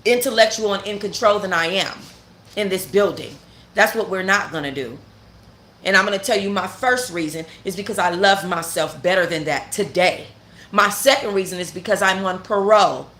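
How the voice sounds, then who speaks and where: A woman's voice: on the low side, fairly bright tone, a little hiss or hum. Heated woman ranting in a roomy space. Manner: heated, blunt and profane, with emphatic repetition. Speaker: channel host. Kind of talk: casual storytime rant.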